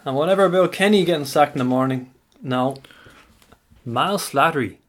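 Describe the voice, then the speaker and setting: Measured man talking football. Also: on the high side. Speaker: podcast co-host. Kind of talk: casual football chat.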